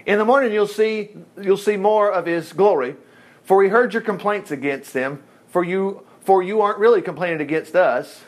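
Delivering a sermon, this pastor is folksy and lively, chuckling through asides as he jumps back and forth between scripture reading and his own remarks. His voice sits high.

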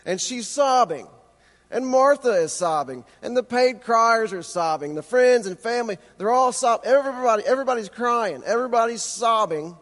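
Man, high voice, impassioned preacher, rhetorical questions, long hall reverb. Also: animated, normal speed, fairly bright tone. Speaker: pastor. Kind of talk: sermon.

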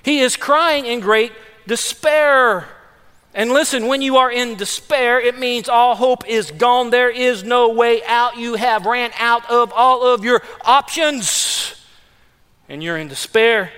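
Bright-voiced preacher in a big reverberant hall. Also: male voice, very high-pitched. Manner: conversational preaching, voicing the psalmist's words. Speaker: pastor. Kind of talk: sermon. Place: church sanctuary.

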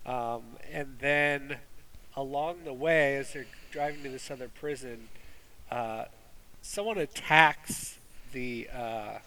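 Man, movie review host, slow unhurried delivery, bright forceful tone, rambling with lots of ums. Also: mid-range voice, rough recording. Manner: rambling, many fillers and restarts. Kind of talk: casual movie review chat.

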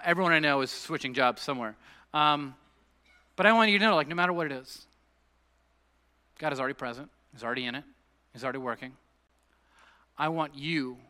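Bright-voiced pastor preaching in a reverberant hall. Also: male voice, mid-range voice. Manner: conversational storytelling preacher, rising to emphatic peaks. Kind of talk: sermon. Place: church sanctuary.

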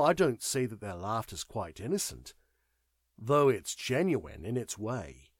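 A man voicing a detached, knowing man who speaks in a measured, wry way. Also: mid-range voice, a little mellow, no room sound, clean studio sound. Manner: measured, wry, world-weary.

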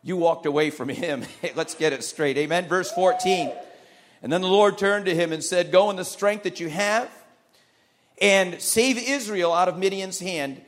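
High-voiced man preaching emphatically. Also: normal speed, a little hiss or hum. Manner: emphatic preaching with repeated phrases and calls of amen. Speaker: pastor. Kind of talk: sermon.

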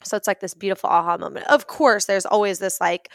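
A woman's voice: mid-range voice, fast, gravelly, a bit bright, no echo. A young adult woman hosting a casual motivational talk, chatty and earnest, often using "like" as a filler.

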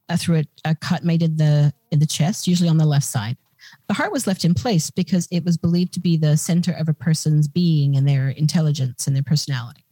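Low-voiced woman explaining, dry close sound. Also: mellow, no echo. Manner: chatty, irreverent, joking explainer. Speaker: podcast co-host. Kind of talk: casual chat.

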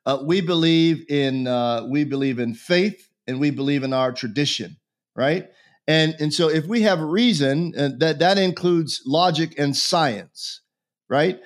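Man bishop, preachy earnest way of talking, kinda high voice, repeats himself a lot. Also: unhurried. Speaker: bishop, guest. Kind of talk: conversational religious interview.

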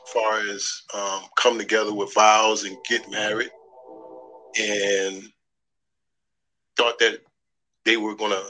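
A man speaking as a podcast guest in a studio, slow and measured, with pauses between phrases. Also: lowish voice, pushed and bright, slight background noise, poor audio. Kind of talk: conversation.

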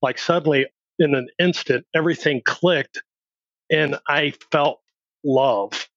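A man's voice: fairly high pitch, takes it slowly, a bit bright, no echo. A middle-aged man, a podcast guest, telling his life story candidly in a blunt, plain-spoken way and acting out remembered dialogue. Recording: dry, slightly dull recording.

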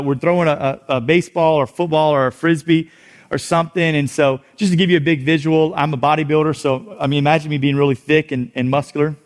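Man, youth pastor, storytelling sermon, somewhat high voice, animated, goes quiet at tense parts.

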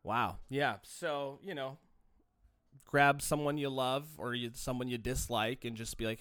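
A man's voice: medium pitch, animated, measured pace, a bit bright, smooth, no echo, clean studio sound. A man hosting a solo podcast, talking in a profane, rambling rant with frequent restarts. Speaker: podcast host.

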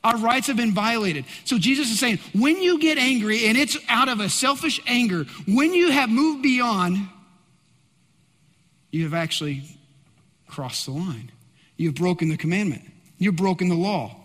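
A male pastor preaching a sermon, swinging between loud emphatic bursts and hushed asides. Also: sits high, expressive, normal speed, big-room sound.

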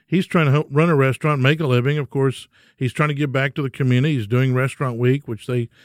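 A man's voice: mid-range voice, steady tone, fast talker, dry recording, studio quality. A man hosting a podcast, telling stories in a folksy, rambling way with frequent ums. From Texas. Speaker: podcast host. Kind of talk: casual solo podcast storytelling.

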